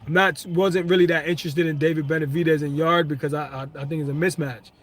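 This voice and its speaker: A young man from Brooklyn, hosting a casual live stream, chatting with viewers, slangy and quick to laugh. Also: a little high. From Brooklyn, New York. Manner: excitable, laughs often, slangy, talks to chat. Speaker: livestream host. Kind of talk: casual live stream chat, reading comments.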